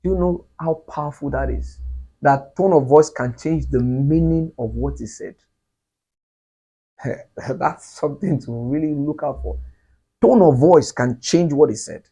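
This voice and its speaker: Male pastor, husky and mellow, earnest emphatic Q&A teacher. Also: fairly high pitch, unhurried, long pauses. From Nigeria. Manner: earnest, repetitive, emphatic with laughs.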